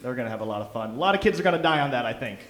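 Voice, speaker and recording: A man's voice: medium pitch, lively intonation, very fast, a crowd in the background. A young man from Detroit doing a loose, self-mocking stand-up set, chuckling through his lines. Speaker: stand-up comic. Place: comedy club stage. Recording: roomy club sound.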